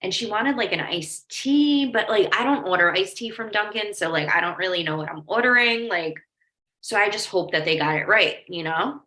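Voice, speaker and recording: A woman life coach teaching in a loose, conversational way, peppering her talk with "like" and little asides. Her voice is bright and forward, and the room around her rings with a noticeable echo. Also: mid-range voice, normal speed. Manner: chatty, lots of "like", storytelling asides. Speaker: life coach leading a training. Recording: echoey room.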